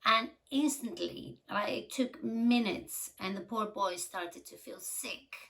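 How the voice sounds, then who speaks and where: A woman telling a true crime story in a casual, chatty way, with giggly asides and some vocal fry. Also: medium pitch, takes it slowly, a bit bright, rough recording.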